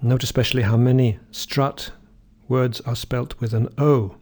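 A man's voice: mid-range voice, fairly even intonation, darkish tone. A man teaching pronunciation, reading word lists. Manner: slow, deliberate, carefully enunciated words. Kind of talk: slow instructional audio for learners.

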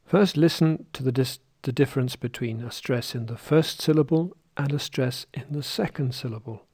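A man teaching English word stress in a deliberate, carefully articulated way, modelling words for learners to repeat. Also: medium pitch, darkish tone, breathy edge. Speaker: pronunciation teacher. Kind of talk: slow, clearly spoken pronunciation lesson.

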